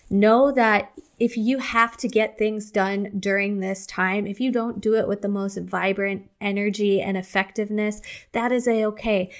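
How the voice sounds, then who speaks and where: Young female podcast host, candid, conversational, talks straight to the listener. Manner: candid, chatty, acts out her own outbursts in a higher voice. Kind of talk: casual solo podcast talk.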